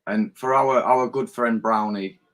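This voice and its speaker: A man's voice: medium pitch, steady tone, a little slow, fairly bright tone, rough recording. A man co-hosting a casual fan podcast, blunt, swearing freely and repeating his words. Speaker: co-host.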